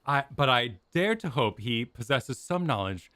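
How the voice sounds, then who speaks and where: A man casually talking through a video game story with his co-host, animated and jokey. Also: medium pitch, measured pace, faint music behind. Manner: animated, jokey, puts on silly voices for characters. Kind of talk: casual gaming stream chat.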